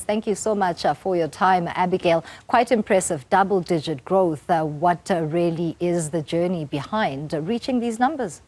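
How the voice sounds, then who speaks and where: A woman's voice: on the low side, normal speed, few pauses, darkish tone. A woman news anchor reading a business story and interviewing a guest in a composed way, with small 'uh' fillers.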